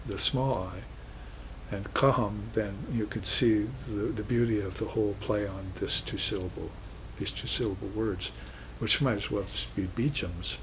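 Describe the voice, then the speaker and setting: With a noisy background behind him, a man teaches spiritual philosophy in a recorded class lecture. His fairly low voice moves unhurriedly, earnest and reflective, now and then rising into emphatic bursts.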